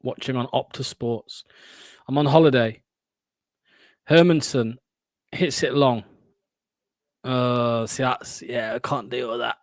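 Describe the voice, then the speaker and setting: A man's voice: mid-range voice, steady tone, slow pace, pauses often, no echo, studio quality. A young man hosting a fan watchalong, giving live play-by-play with blunt, sarcastic asides and swearing.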